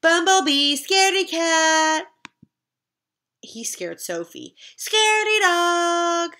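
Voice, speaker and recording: A woman voicing a boy neighbor who pretends to be a monster, roaring his words out slowly and loudly in a storybook reading. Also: very high-pitched, voice pushed up, exaggerated voice. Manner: loud, drawn-out roaring.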